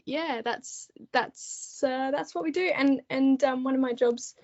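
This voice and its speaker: A woman's voice: high voice, unhurried, darkish tone, highs cut off. An Australian woman, a podcast guest, chatting casually with frequent laughs and ums. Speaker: podcast guest, book editor. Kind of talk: casual interview chat.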